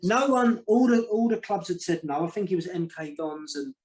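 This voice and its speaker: A man talking as a podcast guest, telling football stories in a casual, animated way, often repeating words and acting out what others said. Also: sits high, a little fast, low-quality recording. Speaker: guest, former football manager. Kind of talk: casual storytelling.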